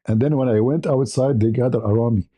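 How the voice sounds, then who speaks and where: Dark-voiced man telling a laughing anecdote. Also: mid-range voice, fast talker, slightly rough. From Middle East. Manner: animated, laughing often, acts out dialogue; speaks English as a learned language, simple phrasing. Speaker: live-stream host. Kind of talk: casual storytelling.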